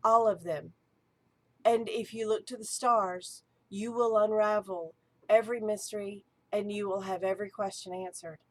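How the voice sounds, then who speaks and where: Woman, archpriestess type, eager and chatty in a casual teaching talk, mid-range pitch. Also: steady tone, normal speed. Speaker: archpriestess and ritual director.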